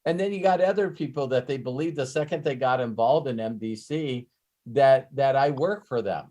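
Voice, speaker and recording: Animated male host telling stories. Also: mid-range voice, normal speed. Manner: animated storyteller acting out both sides of phone calls. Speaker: host and business coach. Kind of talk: casual storytelling on a live session.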